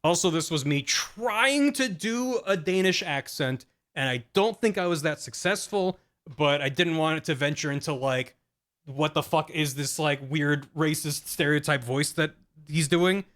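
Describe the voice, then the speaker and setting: A young man chats casually on stream, rambling and poking fun at himself. His voice sits a little on the high side, and he fills his talk with ums and quick laughs. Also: a bit bright. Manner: rambling, self-deprecating, many fillers and laughs.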